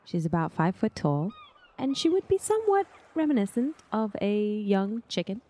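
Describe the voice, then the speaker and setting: A woman's voice: medium pitch, big pitch swings, moderate pace, warm tone. A woman player describing her character in a tabletop game, thoughtful and laughing now and then.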